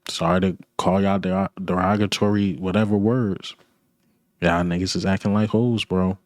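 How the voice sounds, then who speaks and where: Fan commentator, male, low and dry, blunt and repetitive ranting. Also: fairly even intonation, normal speed, dry recording. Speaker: sports commentator. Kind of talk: ranting sports talk.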